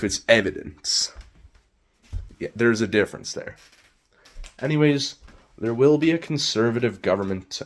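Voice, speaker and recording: A man giving a casual, opinionated political monologue. He rambles and corrects himself as he goes. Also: lowish voice. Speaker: political commentator vlogger.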